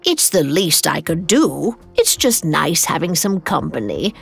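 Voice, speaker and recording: A woman's voice: deep voice, big pitch swings, measured pace, vocal fry, slightly rough, soft background music, exaggerated voice. A woman voicing a hospitable woman who lives alone, friendly and chatty, in a storybook reading. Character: hospitable woman living alone in a sweet house.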